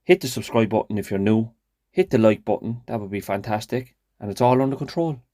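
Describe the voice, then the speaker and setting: Outdoors in a garden, a man who runs his own gardening channel chats with viewers, calling them "guys." His voice sits on the low side, brisk and dark-toned, and he speaks casually and sincerely, reflective at first before turning upbeat in this vlog-style talk.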